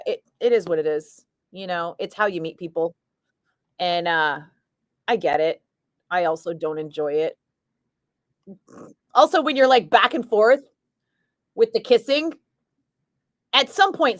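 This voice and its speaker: A middle-aged woman who works as a radio DJ chats casually and bluntly with her livestream viewers, responding to their comments. Her mid-range voice is studio quality, with no room sound.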